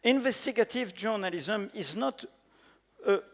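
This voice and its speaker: A man with a French accent, a native French speaker, giving an earnest, emphatic panel talk in halting English with many fillers. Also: high-pitched, animated. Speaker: panel speaker, editor-in-chief. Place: large conference hall. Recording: echoey conference hall.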